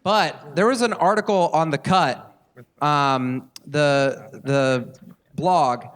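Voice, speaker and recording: A man with a notably high voice co-hosts a live podcast on stage. He tells stories in an animated way, laughing and acting out the voices of the people in them. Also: takes it slowly. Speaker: podcast co-host. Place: live stage in front of an audience.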